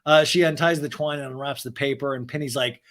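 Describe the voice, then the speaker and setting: A man's voice: mid-range voice, fairly even intonation, brisk, fairly bright tone. A man hosting a podcast, recapping reality TV in a chatty, jokey way. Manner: chatty, jokey, acts out every line. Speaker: podcast host. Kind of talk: reality TV recap, casual chat.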